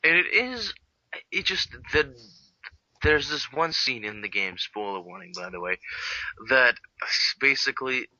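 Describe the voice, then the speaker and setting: A man's voice: mid-range voice, lively intonation, a little slow, pushed and bright. A man co-hosting a casual video game review chat, rambling and leaning on filler words. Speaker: co-host. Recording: dull lo-fi home recording.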